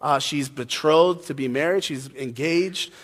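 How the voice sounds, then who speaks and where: A man's voice: on the high side, a little slow, a bit bright. A man preaching a casual, joking sermon, chatty and full of fillers. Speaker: pastor. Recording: long hall reverb.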